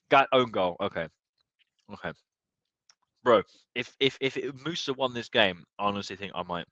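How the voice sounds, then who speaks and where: Young football fan streamer, a bit drunk, sweary and animated, sharp tone. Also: male voice, on the low side, no room sound, highs cut off. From United Kingdom. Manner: excitable, sweary, swings from muttering to yelling. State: tipsy. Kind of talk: live match watchalong reaction.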